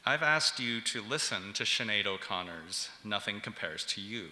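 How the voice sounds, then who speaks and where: A male professor with a low but very bright, forceful voice delivers a public lecture, measured and explanatory and scattered with ums and uhs. The sound carries a long reverb, as if captured in a roomy hall. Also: lively intonation.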